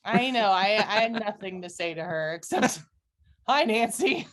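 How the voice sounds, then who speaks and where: A woman on a film podcast chats in a casual, wry way, laughing often and acting out characters' lines. Her voice sits at a mid pitch. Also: unhurried, a crowd in the background. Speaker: podcast guest.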